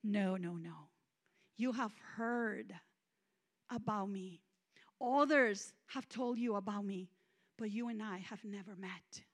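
A woman voicing God as a calm, gentle male figure who speaks quietly and soberly. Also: a little high, husky. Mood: gentle, sobering. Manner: soft, measured, sobering.

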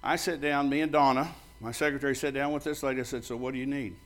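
An older pastor gives a quick-paced sermon in a steady, ordinary middle-pitched voice. Blunt and anecdotal, he reenacts both sides of past conversations, and he gets loud and bold when joking with the crowd.

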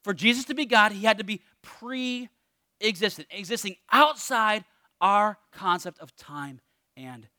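A man preaching a sermon in a conversational, energetic way, often dropping to a hushed emphasis. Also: sits high, unhurried, dry recording, clean studio sound. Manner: energetic, conversational with emphatic drops to near-whisper. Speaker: pastor.

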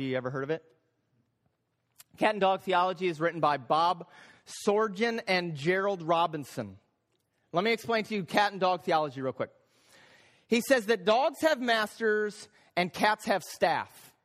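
High-voiced preacher in a reverberant hall. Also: male voice. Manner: animated, acts out voices of a cat and dog, repeats phrases for emphasis. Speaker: pastor. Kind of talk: sermon.

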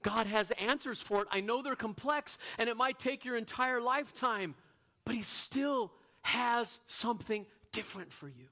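A man preaching a sermon as a pastor, earnest, moving from loud emphatic lines to quiet, hushed ones. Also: very high voice, animated, normal speed.

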